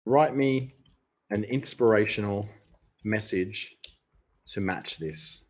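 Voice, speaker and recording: A man's voice: on the low side, takes it slowly. An Australian man presenting an online webinar, chatting casually and thinking aloud as he demonstrates a writing tool. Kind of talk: casual live software demonstration. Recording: dull lo-fi webinar audio.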